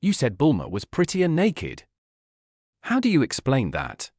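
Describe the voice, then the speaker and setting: Guy reading as strict jealous mom, stern scolding voice, very lively pitch. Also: unhurried, no room sound, studio quality.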